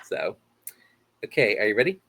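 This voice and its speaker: A man hosting a casual interview, animated and jokey. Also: fairly low pitch, moderate pace, breathy edge, no room sound. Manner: animated, jokey, laughs often. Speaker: host.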